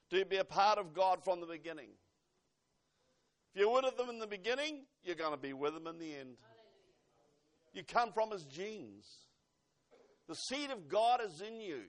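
A man preaching a fervent sermon to a congregation, swinging between loud exhortation and hushed asides. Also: sits high.

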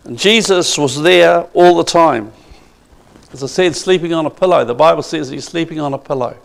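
A man's voice: on the high side, moderate pace, vocal fry. A man preaching a sermon with emphasis, asking the congregation questions.

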